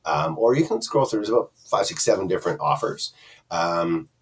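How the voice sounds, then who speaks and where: Casual reviewer, low lively voice, chatty and meandering, recorded slightly distant from the mic. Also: male voice, normal speed, breathy edge. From Canada. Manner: rambling, chatty, many fillers and restarts. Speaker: product reviewer. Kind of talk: casual screen-share review.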